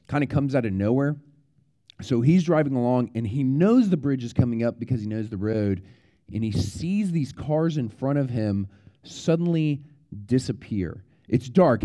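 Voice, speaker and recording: Animated pastor telling a children's story. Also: male voice, medium pitch. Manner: animated storyteller, repeats words, yells out quoted warnings.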